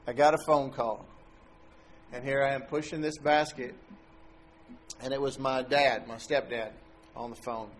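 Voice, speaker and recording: A middle-aged man recounts a personal faith experience in a relaxed, conversational way. His voice sits at an ordinary pitch and often lifts high when he acts out the people in his story. He laughs now and then as he talks. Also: unhurried, pauses often, a little hiss or hum. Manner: animated storyteller who laughs as he tells it. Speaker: guest telling a faith testimony. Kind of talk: casual spoken testimony.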